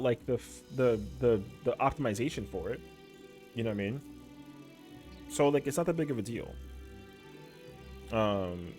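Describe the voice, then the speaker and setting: A young adult man, a streamer, telling animated, slangy stories in casual chat. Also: medium pitch.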